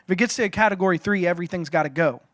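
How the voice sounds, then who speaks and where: A male pastor voicing a matter-of-fact restoration worker in a calm, businesslike way. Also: high voice, rapid-fire, no room sound, studio quality, pitched below the performer's own voice.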